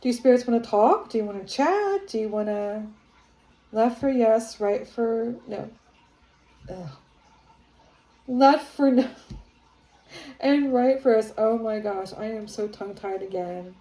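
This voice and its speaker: A woman psychic medium vlogs from her home, talking slowly and hesitantly with plenty of fillers. Her voice sits a little high and sounds mellow, and the room around her is echoey. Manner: rambling, hesitant, with many fillers; grows excited and awed while channeling. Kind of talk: casual spirit-channeling vlog. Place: her home, near living room and kitchen.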